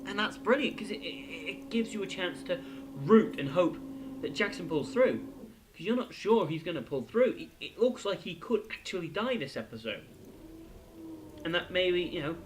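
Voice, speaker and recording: A young man reviews a TV episode for his channel in a casual, unscripted way. His voice sits a little high for a man, and he piles on fillers and restarts as his enthusiasm builds. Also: normal speed, slight background noise, poor audio. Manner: excitable, rambling, lots of fillers and restarts.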